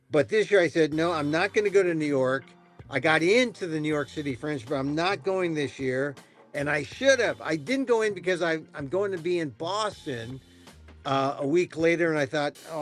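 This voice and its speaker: An older man hosting a casual comedy talk show, mocking politics with sarcastic, deliberately simple phrasing. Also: on the high side. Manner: playful, mock-simple sarcasm. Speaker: host.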